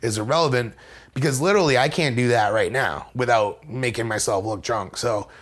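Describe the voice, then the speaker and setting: A man's voice: medium pitch, a little fast. Rambling, wry man telling a story. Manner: rambling, wry and self-mocking, with many fillers and restarts; acts out other people's lines in a raised voice. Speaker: interview guest. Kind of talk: casual conversational storytelling.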